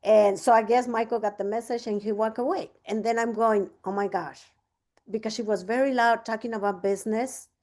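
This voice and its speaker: A woman leads a casual business training, her voice sitting a little high. She tells stories with lots of fillers and restarts, acting out both sides of each conversation. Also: fairly even intonation, a little fast, darkish tone. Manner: chatty, many fillers and restarts. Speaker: business coach. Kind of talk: casual training talk with storytelling.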